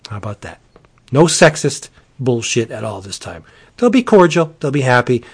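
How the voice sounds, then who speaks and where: A man's voice: mid-range voice, sing-song, normal speed, slightly rough. A man hosting a casual podcast, joking and rambling through a sponsor read with playful asides. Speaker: podcast host.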